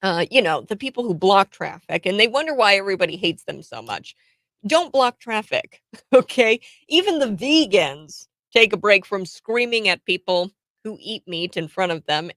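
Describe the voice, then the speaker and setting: A woman hosts a talk radio show, riffing on the news in a chatty, opinionated way. Her voice sits a little low for a woman, and she laughs often and scatters fillers through her talk. The studio sound is dry and close. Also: fairly bright tone, no echo.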